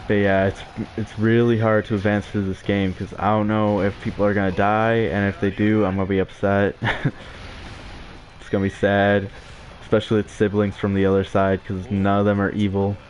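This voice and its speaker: Young dude rambling thru a lets play, kinda low voice, lots of likes n chuckles. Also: male voice, level tone, moderate pace, darkish tone, a little hiss or hum. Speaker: let's play gamer. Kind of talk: casual gameplay commentary.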